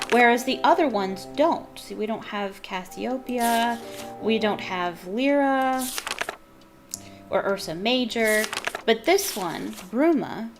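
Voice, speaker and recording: A woman streamer giving chatty, enthusiastic commentary while playing a game, with rambling asides. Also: fairly high pitch. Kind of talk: casual gameplay commentary.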